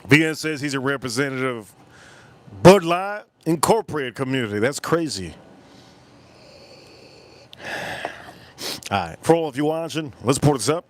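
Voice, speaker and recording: A man's voice: mid-range voice, expressive, normal speed, long pauses. Rambling man bantering with his live chat. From United States. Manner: drinking on stream between lines. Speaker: livestream host. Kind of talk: casual livestream chat.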